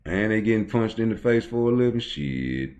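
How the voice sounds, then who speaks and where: A man's voice: lowish voice, big pitch swings, normal speed, darkish tone. A middle-aged man running his own boxing channel, ranting casually in a blunt, profane, heated way. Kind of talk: casual opinion rant.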